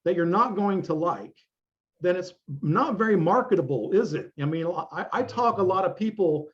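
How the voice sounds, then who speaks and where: A middle-aged man, speaking as a guest fitness coach in casual conversation. He is blunt and emphatic and swears freely, with a voice slightly higher than most men's. The recording is dull and lo-fi. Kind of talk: casual interview talk.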